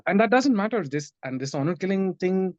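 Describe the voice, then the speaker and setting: Man, 30s, podcast guest, hesitant restarts, slightly high voice, muffled lo-fi sound. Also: animated, brisk, dry recording. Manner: thinking out loud, hesitant restarts. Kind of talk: casual conversation.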